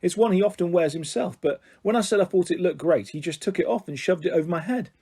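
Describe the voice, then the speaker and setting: A man's voice: sits high, fast, warm tone, slightly rough. A man reading a children's novel aloud, giving each character a slightly different voice. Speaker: storyteller.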